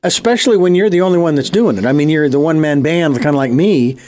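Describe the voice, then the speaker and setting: A man co-hosting a radio show in a studio, playful and quick to chime in during casual banter. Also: on the high side, a little mellow. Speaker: radio co-host.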